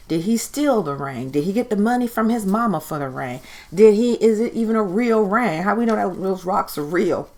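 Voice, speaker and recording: A woman's voice: mid-range voice, vocal fry. A woman recapping a TV show in a casual, chatty way, giving her opinions and acting out quotes. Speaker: TV recap host.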